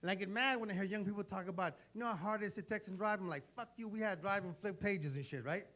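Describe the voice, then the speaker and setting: Brash, fast-talking comedian in his forties. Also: high voice, fairly bright tone. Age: 40s. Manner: brash, profane storytelling with acted-out dialogue. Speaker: stand-up comedian. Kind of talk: stand-up comedy set.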